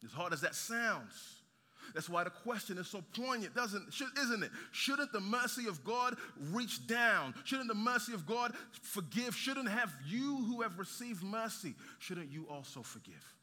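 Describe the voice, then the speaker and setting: Preacher, male, high and very bright tone, animated delivery with humor, long hall reverb. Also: unhurried. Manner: lively preaching with rhetorical questions and humor. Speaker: pastor. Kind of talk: sermon.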